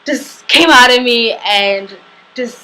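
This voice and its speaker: A young woman vlogger telling a personal story in a halting way, full of fillers and restarts. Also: fairly high pitch, pushed and bright, slight background noise, rough recording. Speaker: travel vlogger.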